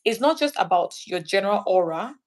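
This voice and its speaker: A woman's voice: medium pitch, a little fast. A woman from Nigeria, a guest in an interview chat, talking animatedly and acting out little scenes. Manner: animated, acts out little scenes in quoted voices.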